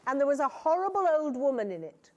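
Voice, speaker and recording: A woman's voice: high voice, sing-song, quick pace, lo-fi sound. A woman actress chatting with schoolchildren at a school, in a playful, teasing, self-mocking way. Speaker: actress, visiting guest. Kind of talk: casual chat with schoolchildren.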